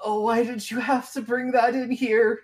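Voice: mid-range voice, little pitch movement, normal speed, a little mellow, recorded from a distance, voice pushed up, close to an everyday voice. A game master voicing a small gnome woman mayor who frets over her carpets. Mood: fussy. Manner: prim, fretful about her carpets.

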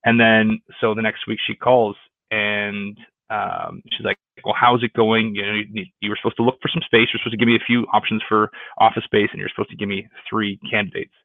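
A man talks through his career in a relaxed interview, circling back with restarts and acting out the people in his story. His voice comes through a narrow, tinny line with no room sound. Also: fairly low pitch, brisk, creaky, no echo. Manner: rambling, with many restarts and quoted dialogue. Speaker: real estate agent. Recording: tinny phone-like line, dry.

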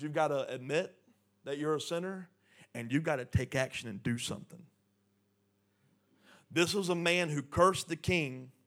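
Male pastor, slightly high pitch, conversational sermon delivery with soft intimate drops. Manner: conversational preaching, drops to soft intimate tones then builds.

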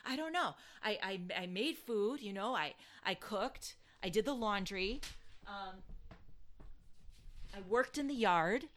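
A woman with a bright, forceful voice tells a story in a casual chat. She is animated, restarts her sentences, and drops to a hushed tone for the dramatic parts. Her pitch sits in the middle range for a woman. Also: slow.

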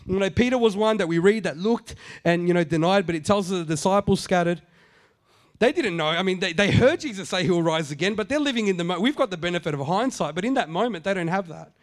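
A middle-aged man delivers a sermon in a raised, light pitch. He talks to the congregation conversationally, stumbling into asides, then drives points home by saying them twice. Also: fast talker. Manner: conversational preaching, repeats phrases for emphasis, acts out quotes. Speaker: pastor.

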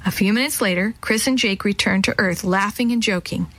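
Lady reading a kids story out loud, warm and lively, acts out the characters. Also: medium pitch, fairly quick, rough recording. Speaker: children's storyteller.

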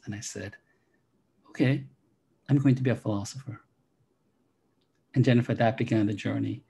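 Gravelly low-voiced man. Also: mellow. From Jamaica. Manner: articulate, elaborate literary phrasing. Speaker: interview guest, philosophy professor. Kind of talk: reflective interview storytelling.

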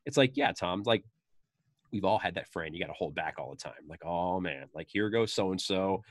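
A man chatting casually as a podcast host, retelling film scenes and breaking into high, animated voices for the quoted lines. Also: normal speed, no room sound, studio quality. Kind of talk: casual chat about a film.

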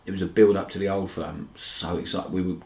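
Podcast guest: an ex-footballer, a man with a deep, quick, anecdotal delivery; echoey room. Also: gravelly. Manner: lively anecdotal storytelling, says "mate" often. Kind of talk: casual chat.

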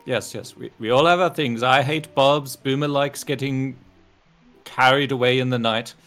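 A man's voice: medium pitch, fairly even intonation, fairly bright tone, soft background music. Playful man at a tabletop game. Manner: halting, playful, lots of restarts. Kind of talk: casual in-character banter.

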